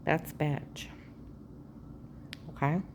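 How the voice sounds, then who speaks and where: A woman vlogger speaks directly to the camera in a rambling personal monologue, sounding agitated and aggrieved as she jumps from one claim to the next and often drops to a hushed half-whisper. She talks very slowly, with background noise in the recording.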